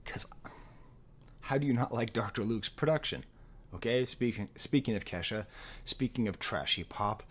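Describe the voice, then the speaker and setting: A man giving a casual, rambling spoken album review, animated and prone to interrupting himself. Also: medium pitch, moderate pace, long pauses. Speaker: music reviewer.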